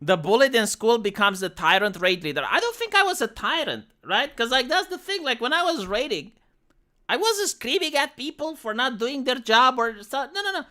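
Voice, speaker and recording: Romanian-accent streamer going off on a blunt, sweary rant, voice bouncing all over, crisp bright tone. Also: medium pitch, normal speed. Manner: blunt, profane, animated ranting. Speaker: streamer and former raid leader. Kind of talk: casual livestream rant.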